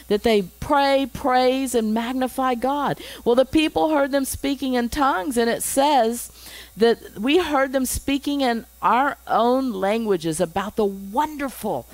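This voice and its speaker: A woman's voice: fairly high pitch, darkish tone, no echo, poor audio. Chatty woman pastor teaching scripture. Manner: reads scripture with chatty asides and chuckles. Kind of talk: Bible teaching.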